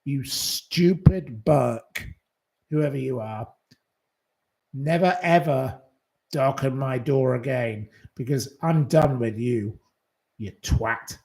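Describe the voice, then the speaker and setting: A man's voice: mid-range voice, takes it slowly, creaky, pauses often, a little mellow. A man hosting a live stream, indignantly scolding commenters in blunt, profane, repetitive retorts. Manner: repeats short dismissals.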